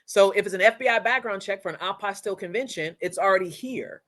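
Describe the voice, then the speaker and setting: A woman hosting a casual live-streamed training, talking straight to viewers in a chatty, energetic, slangy way through a computer mic. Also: mid-range voice, quick pace. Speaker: course instructor and livestream host.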